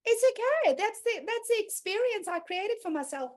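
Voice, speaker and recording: Host: woman with a high, bright pitch, frank and earthy, quick to laugh, candid group talk. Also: lively intonation.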